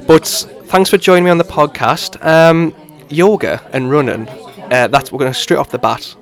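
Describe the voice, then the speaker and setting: A man's voice: fairly high pitch, steady tone, normal speed. A young man with a Geordie accent, hosting a podcast in a chatty, rambling way with lots of fillers. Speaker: podcast host. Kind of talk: casual podcast chat.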